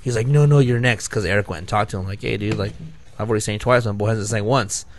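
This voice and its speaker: A man's voice: fairly low pitch, steady tone, fast, a little hiss or hum. Man telling rambling profane stories. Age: 30s. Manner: rambling, profane, laughs at his own stories. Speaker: podcast co-host. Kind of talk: casual storytelling.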